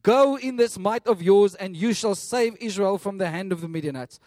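A man voicing God in a sermon retelling, speaking slowly and firmly with emphasis. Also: high-pitched, a little mellow, no room sound, studio quality, close to an everyday voice. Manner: slow, emphatic, firm.

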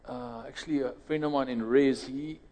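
Speaking at a normal speed with fairly even intonation, a South African preacher gives a sermon and closing prayer in a dark, mellow voice. His delivery is casual and conversational; he circles back to restart phrases and rises steeply in pitch when voicing other people, all under a long hall echo.

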